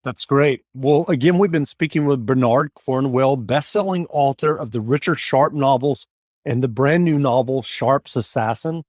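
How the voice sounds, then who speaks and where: A man's voice: medium pitch, normal speed, a little mellow, no echo, clean studio sound. A man hosting an interview podcast in a casual way, with stumbling restarts. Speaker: podcast host.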